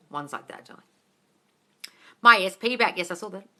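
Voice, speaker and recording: A woman's voice: medium pitch, expressive, normal speed, pauses often, pushed and bright. A woman manifesting coach answering viewer questions on a live stream, blunt and swearing, calling listeners darling.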